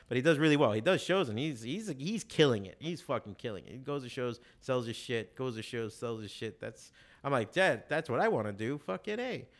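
A man, a comic shop owner guest, talking in a rambling, profane, animated casual chat full of fillers. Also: mid-range voice, a little fast.

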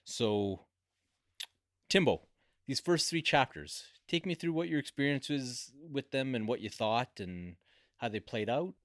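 A man's voice: medium pitch, expressive, a little slow, fairly bright tone, no echo, clean studio sound. A man hosting a casual podcast discussion, genial and steering the conversation between segments. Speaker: podcast host.

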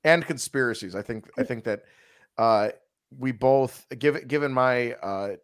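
A man's voice: medium pitch, unhurried, clear, resonant tone, dry recording, clean studio sound. A man co-hosting a podcast in casual chat, joking and telling comic stories with many fillers. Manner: joking, tells comic stories with put-on quotes. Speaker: podcast co-host.

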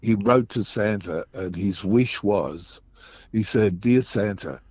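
A man from Australia telling anecdotes casually as a guest, animated and acting out the voices of people in his stories. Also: on the low side, slow pace, no echo, highs cut off. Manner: animated storytelling, acts out voices. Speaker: guest storyteller.

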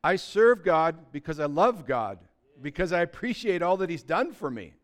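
A man preaching a sermon as pastor, talking conversationally and building to loud, emphatic peaks, often acting out what people say. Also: a little high, very animated, moderate pace. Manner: acts out quoted voices of believers.

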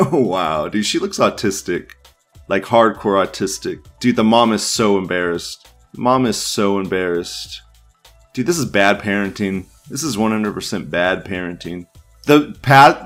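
A man with a somewhat low voice hosts a casual online news show, reading posts aloud and reacting to them in crude, rambling asides. He laughs often and stumbles over restarts. Faint music runs quietly underneath him.

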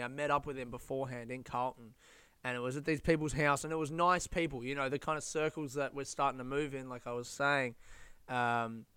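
A young Australian man telling stories in a casual monologue, animated, laughing and swearing as he goes. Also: mid-range voice, smooth, no room sound.

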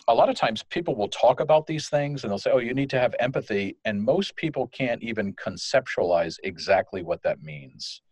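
A man from France, a guest in an interview, explaining in a lively way and acting out the phrases he quotes. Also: lowish voice, husky, dry recording. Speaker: guest, customer service manager. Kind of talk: conversational interview.

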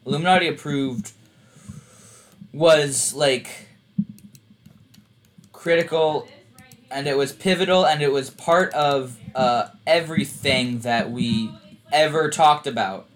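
A man co-hosting a casual conspiracy-themed podcast, rambling and halting with plenty of fillers. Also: on the high side, a little hiss or hum. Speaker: podcast co-host.

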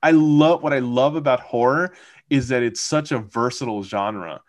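A man's voice: medium pitch, moderate pace. A man co-hosting a casual podcast, rambling with many fillers and laughing often. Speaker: podcast co-host. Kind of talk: casual chat.

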